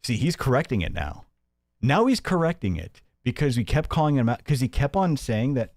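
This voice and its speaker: A man hosting a live-stream commentary show, sarcastic and mocking, often laughing and jumping into a high mimicking voice. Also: big pitch swings, moderate pace, darkish tone, no echo, clean studio sound.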